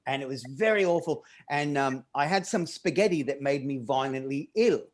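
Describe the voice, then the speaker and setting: A man's voice: medium pitch, expressive, moderate pace. A man doing a stand-up comedy set, rambling and self-deprecating, often laughing at his own jokes.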